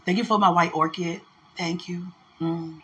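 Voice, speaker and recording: Heartfelt woman talking straight to her partner, effusive and prayerful, with a bright, forceful edge. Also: on the low side, steady tone, normal speed. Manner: effusive, prayerful, repeats herself. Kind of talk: emotional casual talk.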